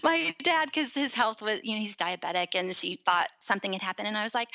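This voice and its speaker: Bright, lively woman telling stories. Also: medium pitch, a little fast, vocal fry, few pauses. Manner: animated, acts out voices in her stories. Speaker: podcast guest. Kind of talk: casual storytelling chat.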